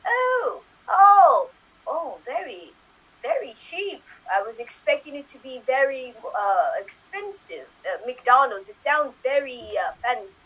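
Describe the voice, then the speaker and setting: A woman performs a bewildered elderly royal man with a put-on upper-class English accent. He talks slowly, stalling on ums and restarts, his pitch high and lively. The voice has a soft, breathy quality. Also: heavily acted, low-quality recording. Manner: hesitant, full of ums and halting restarts. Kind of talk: improv comedy scene over video call.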